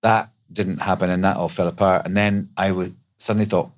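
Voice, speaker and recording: Man, middle-aged, from Scotland, low voice, chatty, rambling, podcast guest. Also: fairly even intonation, fairly quick. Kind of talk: casual chat.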